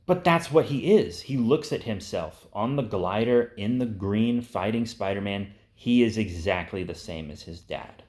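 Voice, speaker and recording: Low-voiced man rambling about ideas. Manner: rambling, profane, with frequent fillers. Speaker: host. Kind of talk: casual pitching of movie ideas.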